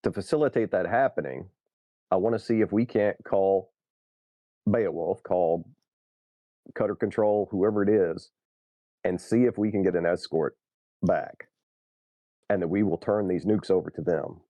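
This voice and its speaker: Brief: a tabletop player, man, low voice, dry lo-fi mic. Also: moderate pace, long pauses, dry recording. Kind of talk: casual tabletop play.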